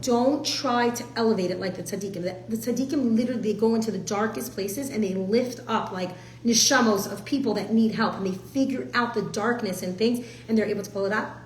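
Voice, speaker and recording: Woman, 30s, warm casual teacher, talks fast with lots of fillers; a bit high-pitched; roomy echo. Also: a little hiss or hum. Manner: chatty and animated, full of fillers and acted-out quotes. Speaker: Torah class teacher. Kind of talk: casual spoken lesson.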